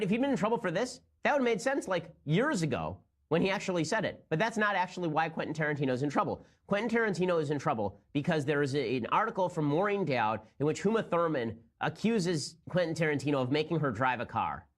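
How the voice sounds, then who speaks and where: Rapid-fire sarcastic male commentator. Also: a little high, big pitch swings. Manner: sarcastic, incredulous, fast-talking. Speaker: political commentator host.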